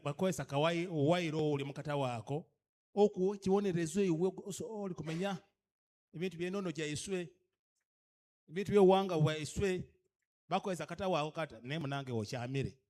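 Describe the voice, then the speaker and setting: Fairly high in pitch and a little mellow, this male guest speaker with a Ugandan accent is addressing cultural leaders at a leadership orientation. He speaks emphatically, throws rhetorical questions to the room, and goes back and forth between English and a local language.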